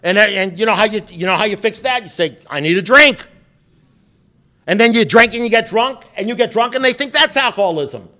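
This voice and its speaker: A man's voice: high-pitched, fast talker, few pauses, bright, forceful tone. A middle-aged man speaking at a recovery meeting, telling stories in a joking, blunt and profane way, often restarting his sentences. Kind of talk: storytelling talk to a meeting.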